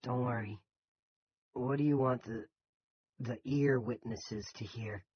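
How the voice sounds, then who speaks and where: A man's voice: mid-range voice, slow, husky, dull audio. A man voicing a defiant young adult son who talks insistently.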